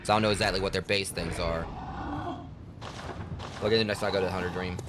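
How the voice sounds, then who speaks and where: A man's voice: low voice, fairly even intonation, quick pace, heavy background noise. A man streaming a game, trash-talking enemies and commenting casually as he plays. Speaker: gaming streamer.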